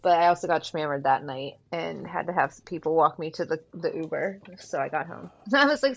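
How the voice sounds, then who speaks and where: A woman's voice: fairly low pitch, fairly quick, dull audio. A woman as a podcast guest in casual chat, telling a story with frequent swearing and laughter.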